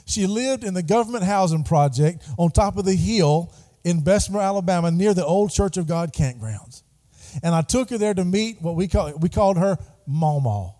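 High-voiced pastor preaching in a hall. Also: male voice, animated, moderate pace, warm tone. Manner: call-and-response preaching, prompting the congregation. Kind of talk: sermon. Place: church sanctuary. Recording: long hall reverb.

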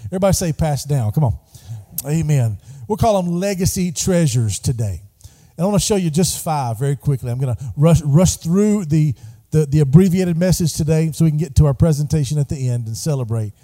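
High-voiced pastor preaching in a hall. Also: male voice, expressive, brisk, warm tone. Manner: call-and-response preaching, prompting the congregation. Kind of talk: sermon. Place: church sanctuary. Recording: long hall reverb.

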